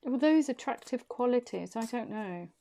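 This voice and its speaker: A woman's voice: fairly high pitch, lively intonation, normal speed, vocal fry, dark tone. Breathless woman giving a tarot reading. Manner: hesitant, repeating questions to her cards. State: short of breath. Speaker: tarot reader.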